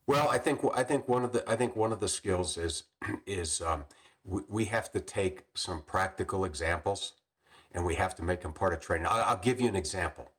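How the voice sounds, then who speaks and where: An older man, a retired police captain, telling stories in a podcast interview with many restarts and frequent throat clearing. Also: deep voice, moderate pace, fairly bright tone.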